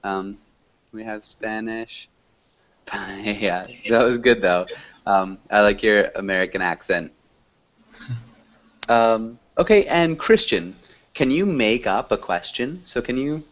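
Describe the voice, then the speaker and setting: Lively encouraging male English teacher. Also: on the low side, a little slow, dull audio. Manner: encouraging, corrects gently. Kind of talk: online class teaching.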